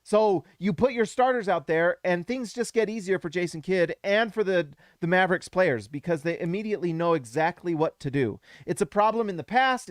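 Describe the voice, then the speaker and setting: A man with a high, bright-pitched voice hosts a live post-game reaction stream, talking in emphatic bursts that climb toward shouting. His voice is starting to go hoarse. The sound is dry and close to the mic. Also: no room sound. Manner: animated, emphatic, rises to shouts when hyped. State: voice going hoarse. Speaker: basketball show host.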